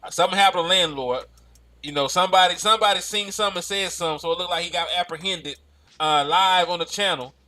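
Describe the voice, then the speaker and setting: A man co-hosts a casual chat, teasing his partner with animated exaggeration and frequent laughter. His voice is high and bright for a man. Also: fast talker.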